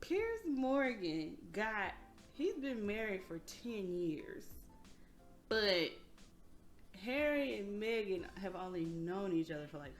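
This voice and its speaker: A young woman hosting a casual podcast, telling stories in a lively, slangy way and laughing often. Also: medium pitch, takes it slowly, faint music behind. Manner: animated storytelling, frequent laughter, slangy. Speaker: podcast host.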